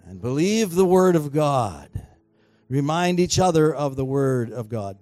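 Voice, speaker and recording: A man preaching a sermon as pastor in a church, emphatic and swinging between quiet and loud exhortation, urging the congregation to respond. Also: a little high, very animated, a little slow, no echo, faint music behind. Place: church sanctuary.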